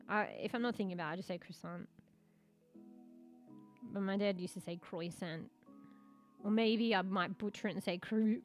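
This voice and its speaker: A woman's voice: mid-range voice, moderate pace, fairly bright tone, soft background music. An Australian woman streaming as a VTuber, chatting casually in a rambling way, swearing and chuckling now and then. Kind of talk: casual live-stream chat.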